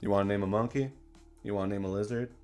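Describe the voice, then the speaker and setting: A man hosting a casual livestream in a laid-back, slangy way that turns excited at times. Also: lowish voice, quick pace, soft background music. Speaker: streamer and dungeon designer.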